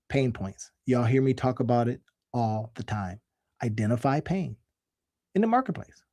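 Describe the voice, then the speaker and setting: Here a man with a mid-range, darkish voice speaks directly to camera as an online business coach. His casual talk is folksy and emphatic, and he likes to repeat his points for emphasis.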